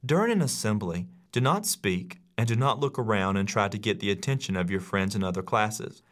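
Guy reading his class rules like an audiobook, pitch bouncing around a lot, steady and instructive. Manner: measured, instructive, acts out quoted lines. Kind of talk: audiobook narration.

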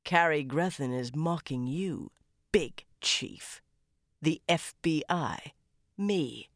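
A woman putting on a low, bitter older male profiler. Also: slow, no room sound, studio quality. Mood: grim. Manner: low, clipped, muttering. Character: weary middle-aged male FBI profiler, grim and bitter.

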